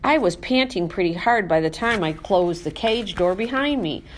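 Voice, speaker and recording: A woman narrating a children's storybook in first person as a classroom pet, reading in an animated, expressive way. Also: mid-range voice, moderate pace, a little hiss or hum. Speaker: audiobook narrator.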